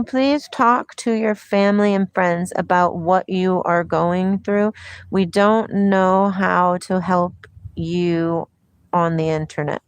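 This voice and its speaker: A woman's voice: on the low side, fairly even intonation, takes it slowly, clear, resonant tone, no room sound. Chatty woman livestreaming, dry close sound. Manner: chatty, laughs often, reads spiritual passages aloud. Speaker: livestream host. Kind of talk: casual livestream chat.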